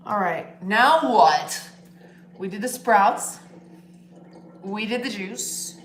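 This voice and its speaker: A woman chats casually on her own livestream, blunt and opinionated, dropping curses without a second thought. Her middle-pitched voice bounces around a roomy space at home, with faint background sound underneath. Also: a little hiss or hum. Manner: blunt, swears freely, opinionated. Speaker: livestream host. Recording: roomy echo.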